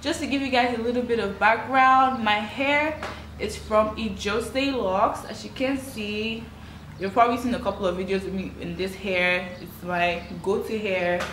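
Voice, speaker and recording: A woman's voice: medium pitch, steady tone, normal speed, a bit bright, a little hiss or hum. A woman makeup vlogger chatting casually and upbeat to camera, dropping frequent "like" fillers. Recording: echoey room.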